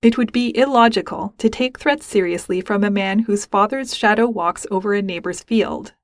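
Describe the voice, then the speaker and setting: A woman's voice: mid-range voice, moderate pace, dry recording, studio quality, close to an everyday voice. A woman voicing a young male alien cadet who speaks in a precise, formal, unemotional way.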